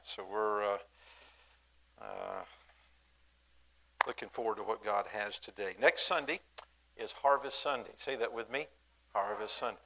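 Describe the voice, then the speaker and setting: Pastor, male, low gravelly voice, folksy church announcements with lots of "uh" and restarts. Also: fairly bright tone, poor audio. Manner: folksy, halting, many fillers and restarts, calls for responses. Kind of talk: church announcements and sermon to a congregation. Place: church sanctuary.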